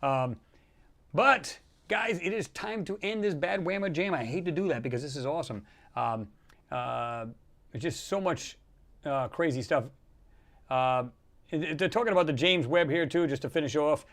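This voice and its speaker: A man with a slightly high-pitched voice talks in a loose, rambling way as he hosts a casual livestream. He reacts to viewer comments with animated asides and lots of filler words. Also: normal speed. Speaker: livestream host.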